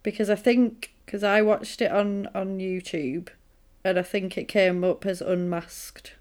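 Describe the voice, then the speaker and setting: A woman's voice: medium pitch, steady tone, a little slow, darkish tone. A woman co-hosting a podcast, retelling a film in a chatty, amused way. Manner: chatty, amused storytelling with quoted asides. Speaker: podcast co-host. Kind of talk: casual chat.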